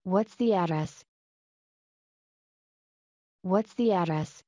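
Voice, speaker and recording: A woman's voice: lowish voice, drawn-out words, dark tone, no room sound, muffled recording. A woman reading short everyday English phrases for learners, each one twice, carefully enunciated.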